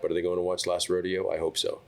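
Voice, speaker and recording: A middle-aged American man, an actor guest, talking in a relaxed and playful way on a podcast. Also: low-pitched, fast, vocal fry, slight background noise. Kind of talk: casual podcast chat.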